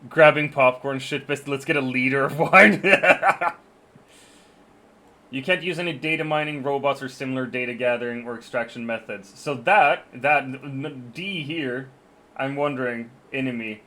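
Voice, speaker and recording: A man's voice: mid-range voice, moderate pace, sharp tone. A man streaming live, reading terms of service aloud in casual chat, swearing and joking, stumbling and restarting his sentences. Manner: profane, joking, stammers and restarts often.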